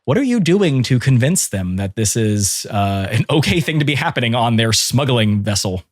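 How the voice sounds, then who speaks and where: A man narrating as game master in a tabletop role-playing game, casual and quick, slipping briefly into character voices. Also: medium pitch, sing-song, no room sound, studio quality.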